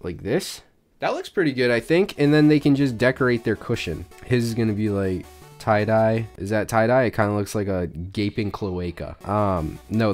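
A man who says he is sick, rambling and joking to his viewers as he draws a cartoon family in casual commentary. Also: on the low side. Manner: rambling, jokey, talks to chat. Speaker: YouTube drawing creator.

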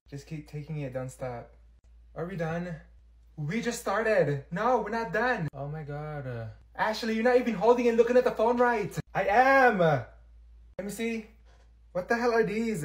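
A young man acting out comedy sketches, swinging between loud shrill outbursts and low mumbled asides. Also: a little slow. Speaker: comedy sketch creator playing many characters.

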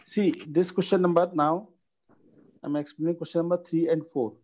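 A man, teaching a maths lesson and dictating each step slowly. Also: fairly high pitch, fairly even intonation, darkish tone, rough recording.

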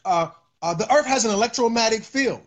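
High-pitched male streamer; loose, preachy riffing with filler words and repeats. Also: animated, quick pace. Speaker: livestream host. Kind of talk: casual livestream monologue.

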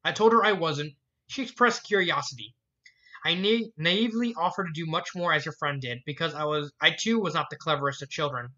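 A man's voice: on the high side, fairly quick, sharp tone, lo-fi sound. A man voicing a refined elegant young woman. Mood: wistful. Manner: genteel phrasing, calls others dear.

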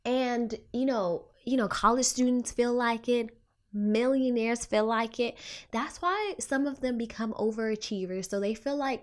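A young woman who works as a clinician and hosts a podcast, telling a story in a casual, expressive way and acting out her own thoughts. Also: fairly high pitch, a little slow. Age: young adult.

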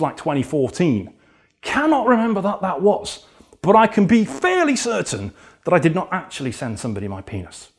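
Male podcast host, indignant rant, fairly high voice, swings widely in pitch, swears a lot. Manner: exasperated, indignant, swears freely.

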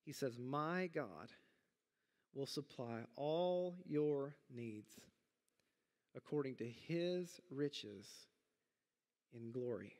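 A middle-aged man preaching a sermon as pastor, talking in a conversational, animated way with big jumps in pitch. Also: drawn-out words, long pauses, big-room sound. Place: church sanctuary.

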